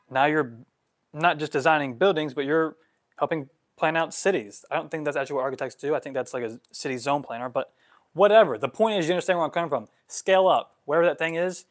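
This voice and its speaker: A man in his twenties, a vlogger answering follower questions on a livestream, animated, getting worked up, with many "like" fillers. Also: fairly high pitch. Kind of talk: livestream Q&A monologue.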